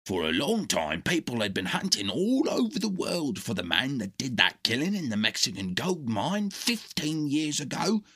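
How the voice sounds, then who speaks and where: A man's voice: mid-range voice, huge pitch swings, moderate pace, hardly any pauses, sharp tone, slightly rough, heavily acted. A man doing an urgent, pleading dog. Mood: earnest. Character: loyal, urgent male dog. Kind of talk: storybook reading.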